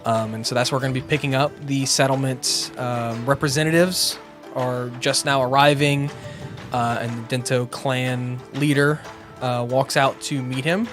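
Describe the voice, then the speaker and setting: A man's voice: mid-range voice, fairly even intonation, normal speed, music in the background. A man running a tabletop game as game master, narrating casually with lots of ums and restarts. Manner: casual, rambling, many fillers.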